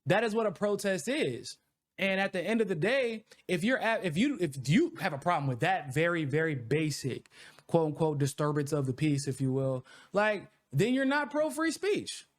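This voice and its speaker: A man's voice: high voice, normal speed. A man in his thirties co-hosting a casual commentary chat, ranting with profanity and frequent laughter. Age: 30s. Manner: profane, laughing, animated rants. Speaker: co-host.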